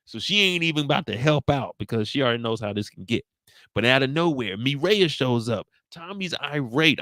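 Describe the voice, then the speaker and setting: A man with a fairly high voice riffs through a TV episode, swearing and joking as he recaps it. The sound is close and dry, with no room around it. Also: no echo. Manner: animated, profane, comic storytelling. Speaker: host.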